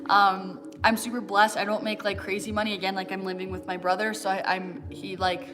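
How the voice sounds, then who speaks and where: A woman's voice: mid-range voice, flat delivery, a little fast. A young American woman in her twenties hosting a livestream, chatting casually and answering viewer questions with lots of fillers. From United States. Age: 20s. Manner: chatty, many fillers and "like", laughs often. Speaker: fitness livestream host.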